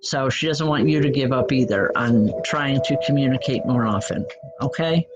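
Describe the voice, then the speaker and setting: A woman's voice: extremely low pitch, normal speed, noisy background. A woman medium giving spiritual readings to an audience, chatty and blunt, with self-deprecating asides. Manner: blunt, direct.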